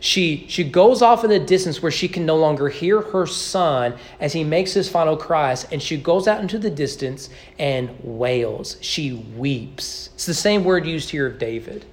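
Animated male preacher with a lively voice. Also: fairly high pitch. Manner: expressive preaching, slowing and stressing key words. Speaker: pastor. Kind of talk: sermon. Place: church sanctuary.

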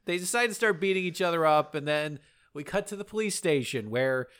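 A man's voice: fairly high pitch, lively intonation, a little fast, a bit bright, smooth. A man co-hosting a casual, profane movie recap, laughing often and acting out lines. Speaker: podcast co-host.

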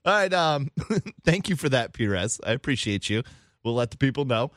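A man's voice: mid-range voice, big pitch swings, normal speed, fairly bright tone, no echo, studio quality. A man hosting a casual podcast, laughing often and upbeat as he wraps up the episode. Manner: laughing, upbeat, wrapping up the show. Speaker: podcast host.

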